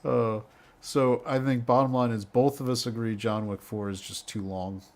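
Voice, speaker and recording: A man co-hosting a casual movie podcast in a mid-range voice. He talks with very little inflection, keeping his delivery flat. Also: medium pitch, moderate pace. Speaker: podcast co-host.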